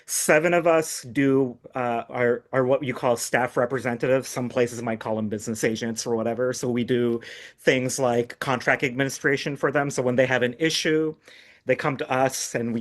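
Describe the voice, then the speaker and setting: A man who works as a union staff representative, a guest on a podcast interview, explaining his work casually with some fillers. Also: medium pitch.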